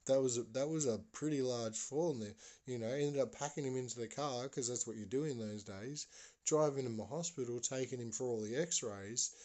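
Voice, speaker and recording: A man's voice: mid-range voice, brisk, warm tone. A man, a podcast host telling a story in a rambling, hesitant way with many fillers. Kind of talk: casual spoken storytelling.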